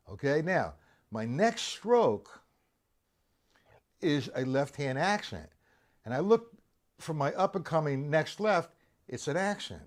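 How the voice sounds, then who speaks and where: A middle-aged man teaching a live-streamed drum lesson, explaining to viewers and addressing them by name. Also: fairly high pitch.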